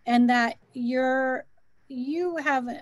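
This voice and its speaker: A woman's voice: high voice, extremely slow, no room sound. A middle-aged woman co-hosting a casual spiritual chat, encouraging and coaching her guest. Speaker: co-host.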